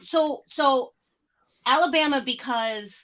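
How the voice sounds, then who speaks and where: Bright, playful rambling woman panelist. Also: high-pitched, slow. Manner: rambling, playful, searches for words. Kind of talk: casual chat.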